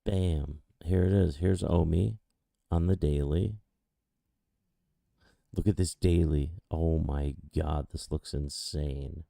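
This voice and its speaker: A man with a low, heavily gravelly and very dark voice, talking over live crypto charts in an excitable, exclaiming way. He draws his words out slowly and keeps pleading with the price to climb. The sound is dry and close, with no room around it. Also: no echo.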